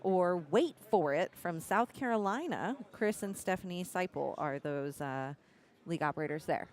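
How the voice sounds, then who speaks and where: A woman's voice: on the low side, lively intonation, moderate pace. A woman co-hosting a pool tournament live stream, announcing upcoming matches in an informative way. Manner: informative, laughs easily. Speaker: stream co-host.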